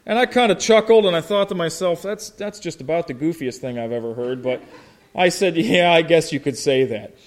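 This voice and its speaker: A man from Ohio, a pastor with a slow drawl, preaching a sermon and telling folksy stories while quizzing his congregation. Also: a little high. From Ohio, United States. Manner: folksy storytelling, asks the congregation questions.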